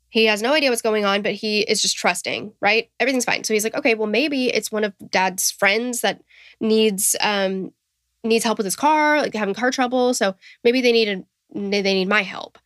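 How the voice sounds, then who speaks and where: A woman with a Southern US accent, co-hosting a true crime podcast in a relaxed, chatty way. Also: medium pitch, moderate pace, no room sound, studio quality. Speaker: podcast co-host. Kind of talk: casual true crime storytelling.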